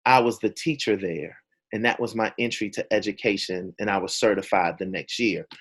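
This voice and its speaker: A man telling a personal story to an audience as a motivational speaker, animated and dramatic. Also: on the low side, moderate pace, slightly rough.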